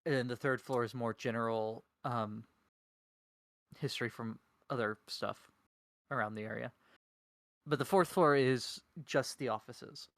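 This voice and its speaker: A man running a tabletop game as game master, narrating slowly and stopping to search for words. His mid-pitched voice is recorded dry and close, with no room around it. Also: fairly bright tone, no echo. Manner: slow, halting narration with many fillers.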